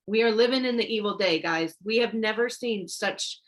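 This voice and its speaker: Urgent woman preaching informally. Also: medium pitch. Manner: urgent and exhortative, repeats herself, frequent "okay?" and "y'all"; stumbles and restarts when rushing. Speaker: online preacher. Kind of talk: informal sermon with scripture reading.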